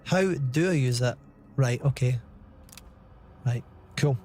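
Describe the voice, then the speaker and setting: A man's voice: mid-range voice, slow pace, darkish tone, soft background music. A Scottish man in his thirties giving chatty live commentary while streaming a game, reading out chat and swearing casually. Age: 30s.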